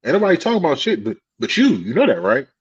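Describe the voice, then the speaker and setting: A man co-hosting a podcast in casual chat, telling animated stories, swearing freely and laughing at himself. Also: a little high, very fast, breathy edge, dry recording, highs cut off. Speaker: podcast co-host.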